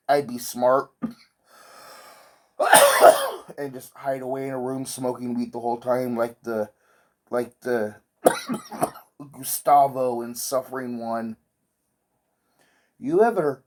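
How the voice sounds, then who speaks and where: Casual rambling man with a lively pitch. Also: slow pace, long pauses. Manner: rambling, meandering, swears casually. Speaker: vlogger. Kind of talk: casual rambling storytelling while sewing.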